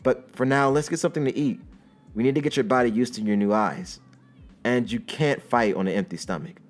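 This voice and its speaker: A man's voice: medium pitch, a little fast, soft background music, lightly acted. A man reading as a cheerful proud father. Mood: upbeat. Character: cheerful father, warm proud ninja dad.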